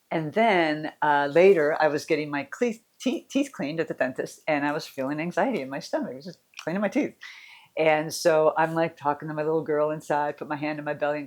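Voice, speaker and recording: Middle-aged female coach, casual and candid, meandering personal talk. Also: deep voice. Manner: candid, rambling, with restarts and soft laughs. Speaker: mental fitness coach.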